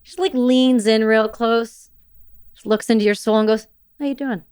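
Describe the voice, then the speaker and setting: A woman's voice: a little high, flat delivery, moderate pace, darkish tone, clear, resonant tone. A woman in her thirties, a veteran guest on a podcast, telling her story candidly in casual interview talk and acting out quoted dialogue. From Canada.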